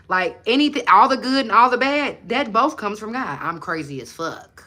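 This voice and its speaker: Blunt, bright-voiced woman preaching confidence. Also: on the high side, animated, normal speed. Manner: blunt, profane, preachy and emphatic. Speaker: manifestation coach and livestream host. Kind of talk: casual livestream chat with viewers.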